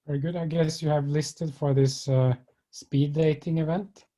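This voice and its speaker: A man's voice: fairly high pitch, fairly even intonation, normal speed, dark tone. A man moderating an online meeting, brief and polite, with fillers. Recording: muffled video-call audio.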